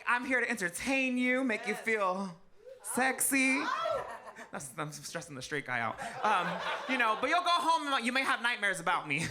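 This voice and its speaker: A man's voice: very high voice, background noise. A man performing a stand-up set as a drag queen, brash and sassy, swearing freely and laughing through his jokes on a live stage. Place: live comedy stage before an audience.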